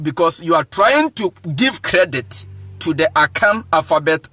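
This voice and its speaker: A man with a high, bright voice talks slowly and with emphasis as an evangelist, spelling words out letter by letter and laughing often. He speaks straight to his listeners. The sound is dry and close. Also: expressive, no room sound, soft background music. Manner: addresses listeners directly. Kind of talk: lecture-style talk.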